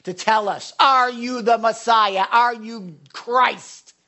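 A stern, demanding high priest, his words slow, loud and insistent, as a preacher acts him out in a sermon. The voice sits at a middling pitch. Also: steady tone.

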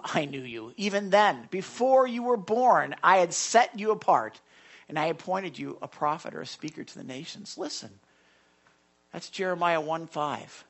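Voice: lively intonation, normal speed, gravelly. A pastor preaching a sermon, emphatic, often urging the listeners to listen and reading scripture aloud. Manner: rises and falls sharply in pitch and loudness.

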